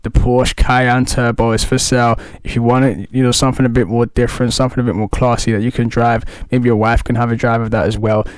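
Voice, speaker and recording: An excitable man gives hyped game walkthrough commentary, throwing "guys" into nearly every sentence. His voice sits at a middle pitch and sounds dry and close, with no room around it. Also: fast, few pauses, clean tone, dry recording. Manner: excitable, hypey, says "guys" constantly. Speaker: gaming YouTuber.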